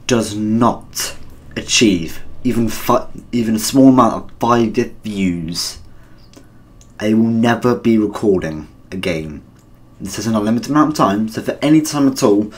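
A man's voice: on the low side, husky. A man with a British accent giving chatty, rambling, self-deprecating commentary while playing a game. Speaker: gaming channel host. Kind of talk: casual gameplay commentary.

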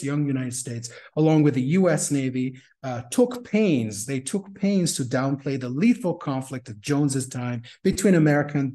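A man, a history lecturer, reading an academic talk over a video call in a measured way, correcting himself as he goes. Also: mid-range voice, warm tone. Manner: measured, self-correcting, apologetic in discussion. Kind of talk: academic lecture read from notes.

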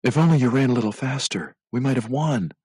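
A man's voice: mid-range voice, lively intonation, fast talker, a little mellow, husky, no echo, voice pushed up. A man reading a children's story aloud, voicing a chatty schoolchild who guesses and teases. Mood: teasing.

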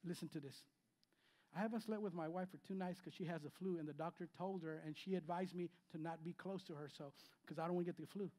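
A man, preaching a sermon to his church, emphatic and repeating phrases, swinging between loud and quiet. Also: on the high side, fast. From Spanish-speaking background. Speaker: pastor. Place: church sanctuary.

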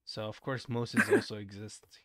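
A man's voice: on the low side, fairly even intonation, normal speed, no echo, studio quality. A young man streaming a game and chatting casually, playful and teasing. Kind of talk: casual gaming stream chat.

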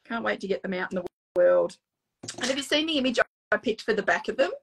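A woman's voice: mid-range voice, animated, quick pace, gravelly, noisy background. A woman with an Australian accent, a guest author chatting casually on a live stream, laughing often and swearing casually. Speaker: guest author, oracle card creator.

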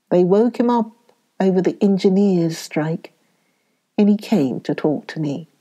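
A woman voicing a sleepy old male knight who talks slowly and drifts into whispers. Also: fairly low pitch, mellow. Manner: drowsy, slow, trailing into whispers.

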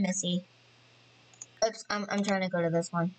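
A woman hosting a casual let's-play commentary, chatty and excitable, often apologizing and thinking aloud as she plays. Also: on the low side, moderate pace, long pauses, poor audio. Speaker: gaming channel host.

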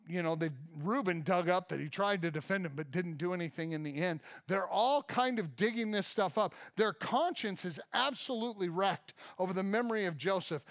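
A man with an American accent preaching a sermon to a church congregation, reading scripture and adding humorous asides for his listeners. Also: high voice. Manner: reads scripture aloud and acts out reactions with humor; addresses the congregation directly. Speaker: pastor.

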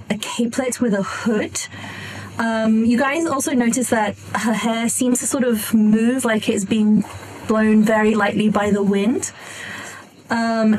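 A woman player describing her character at a tabletop game, unhurried and full of "like" and "sort of". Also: a little high, a little mellow, poor audio.

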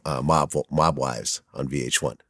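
A male interviewer with an extremely deep voice recaps events in a measured way, with a few fillers. The sound is dry and close. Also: a bit bright, dry recording. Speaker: interview host. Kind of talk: interview questions.

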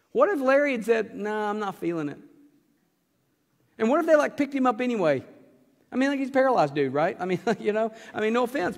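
Male pastor, high voice, acts out bits of the story, church hall echo. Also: gravelly. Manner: animated storytelling, acting out characters with asides and laughs. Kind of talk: sermon. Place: church sanctuary. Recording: long hall reverb.

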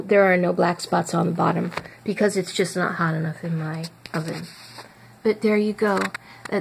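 A woman's voice: fairly low pitch, vocal fry, darkish tone, a little hiss or hum. A woman casually chatting about her home cooking, hesitant and trailing off now and then. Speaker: cooking vlogger.

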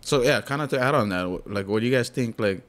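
A young man from Hawaii with a Hawaiian Pidgin accent, hosting a casual podcast chat in a relaxed, storytelling way. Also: medium pitch, fast talker. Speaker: podcast host.

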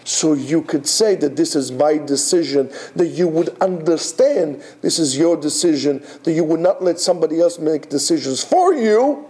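Brief: male Torah teacher, a little high-pitched, mellow, emphatic with rhetorical questions. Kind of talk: Torah class lecture.

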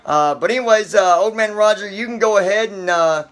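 A man hosting his online show in a casual, halting way with many filler pauses. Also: high-pitched, a bit bright. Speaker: host. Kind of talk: casual chat.

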